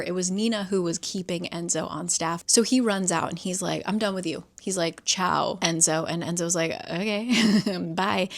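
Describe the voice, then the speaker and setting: A young woman talking through a thriller in a casual, chatty way, sometimes dropping into reading the text aloud. She swears freely and acts out the characters' quotes as she retells the plot. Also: lowish voice. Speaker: book vlogger. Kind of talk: casual book reading vlog.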